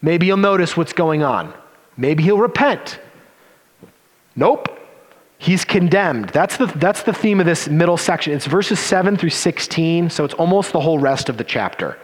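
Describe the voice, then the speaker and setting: A man preaching a sermon as pastor, animated and given to sarcastic asides. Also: fairly high pitch, moderate pace. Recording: long reverb of a hall.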